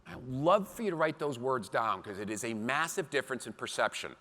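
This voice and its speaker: Man, seminar speaker, lively pitch, bright voice, reverberant hall. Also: a little fast. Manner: animated storytelling with acted quotes. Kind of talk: seminar talk to a live audience.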